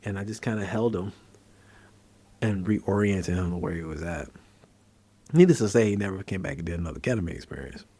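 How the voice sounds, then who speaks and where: Low-voiced man explaining casually. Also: fairly quick, pauses often. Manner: conversational, storytelling, animated when acting out scenes. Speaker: psychiatrist host. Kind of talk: casual educational talk.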